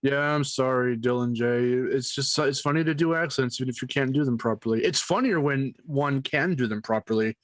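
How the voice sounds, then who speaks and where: A man's voice: mid-range voice, brisk, few pauses, dry recording. A young man co-hosting a game stream, rambling and correcting himself as he chats. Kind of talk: casual chat.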